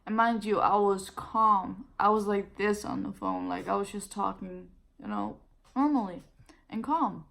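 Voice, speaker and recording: This vlogger, a twenty-something native Danish speaker from Denmark, talks unhurriedly in a mid-range, creaky, fairly bright voice. She vents to camera in a casual, blunt, and profane way, saying she's tired and nauseous, and raises her voice when quoting other people.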